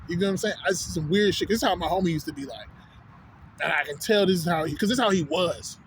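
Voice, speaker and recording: A Texan-accented vlogger with a high, fast voice rants casually on a city street, with slight background noise behind him. He rambles and swears, constantly checking whether you follow him with "you know what I'm saying."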